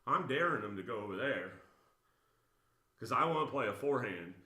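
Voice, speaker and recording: A man's voice: medium pitch, expressive, a little fast, sharp tone. A man giving blunt, emphatic coaching commentary on table tennis videos, getting worked up as he corrects a player. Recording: roomy echo.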